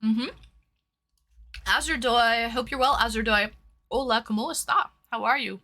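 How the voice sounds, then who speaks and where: A livestream host from Toronto, Canada, speaks at a moderate pace in a high-ish, bright, forceful voice. Bubbly and chatty, she greets viewers by name while her nose runs from hot sauce.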